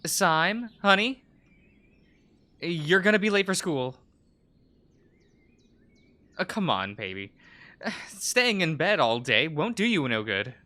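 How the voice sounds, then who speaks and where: A man voicing a caring mother who gently coaxes her child out of bed. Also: on the high side, big pitch swings, takes it slowly, pauses often, exaggerated voice. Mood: gentle. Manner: soft, coaxing.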